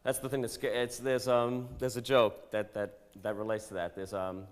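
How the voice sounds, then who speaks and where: A man who writes and produces songs, talking candidly and wryly, his phrases sinking low at the ends. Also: little pitch movement, long reverb tail. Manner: fast, wry, trailing low at phrase ends. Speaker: songwriter and producer. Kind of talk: candid interview monologue.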